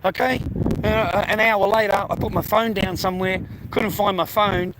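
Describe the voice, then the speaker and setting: A man's voice: high-pitched, steady tone, normal speed, noisy background. A middle-aged Australian man vlogging in a profane, rambling, blokey way and laughing often. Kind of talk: casual rambling monologue.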